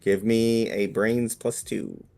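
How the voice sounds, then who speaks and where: A man narrating scenes and rules as game master of a tabletop role-playing game, in a relaxed, descriptive way. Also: on the low side, takes it slowly, vocal fry.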